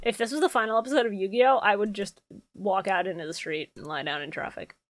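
A woman's voice: mid-range voice, fast, dry recording. A young woman co-hosting a podcast in casual chat, sardonic and sweary. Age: young adult. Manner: sardonic, swearing, laughs easily. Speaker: podcast co-host.

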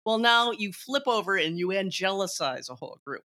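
A woman with a bright, forward voice talks about films in a relaxed conversation. She is opinionated and animated, laughing often as she makes her case. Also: medium pitch, brisk. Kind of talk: casual film discussion.

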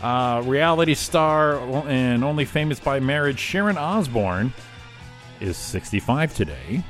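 A man's voice: medium pitch, animated, measured pace, fairly bright tone, soft background music. Wisecracking male morning show host. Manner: wisecracking, reads celebrity birthdays. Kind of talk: casual radio banter.

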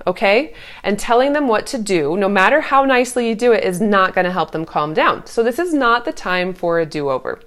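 A woman's voice: fairly high pitch, expressive, normal speed, fairly bright tone. Earnest, reassuring woman coaching parents. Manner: earnest, reassuring, acts out sing-song parent quotes. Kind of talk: casual advice talk.

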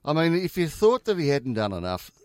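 A man's voice: on the high side, very animated, fairly quick, a little mellow, dry recording. A man co-hosting, reacting with exclamations and questions. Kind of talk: casual chat.

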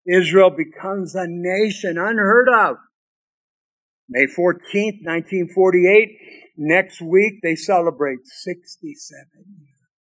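High-voiced preacher, emphatic and repetitive. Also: male voice, slow pace, a bit bright, low-quality recording. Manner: emphatic, repeats key lines, storytelling asides. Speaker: pastor. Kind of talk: sermon.

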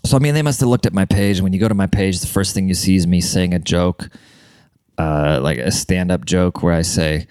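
A man's voice: deep voice, brisk, a little mellow, clean tone, no echo. A man ranting in a casual monologue, blunt, profane and mocking.

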